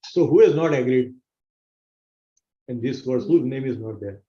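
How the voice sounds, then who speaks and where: A man's voice: medium pitch, measured pace, warm tone. A man teaching a scripture class, explaining earnestly and repeating his key phrases for emphasis. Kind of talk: explanatory sermon to an online audience. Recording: roomy, dull-sounding recording.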